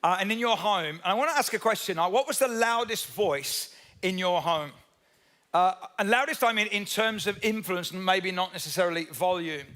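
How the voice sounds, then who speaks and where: Male pastor, high voice, chatty sermon delivery, quizzes the congregation, throws in humorous asides. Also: normal speed, pushed and bright. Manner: conversational, asks the audience questions; tells Bible stories with humorous asides.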